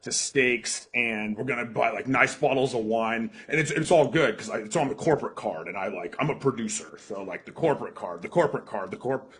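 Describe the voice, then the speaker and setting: A man hosting a podcast interview, hesitant, repeating and restarting words as he asks questions and pitches ideas. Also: a little fast, hardly any pauses, fairly bright tone, husky. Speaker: podcast host.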